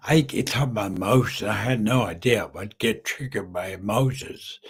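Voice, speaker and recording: A middle-aged man hosting a live podcast, halting and choked up as he tells his own story through tears. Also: fairly low pitch, husky. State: tearful. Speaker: podcast host. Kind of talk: live-streamed personal story.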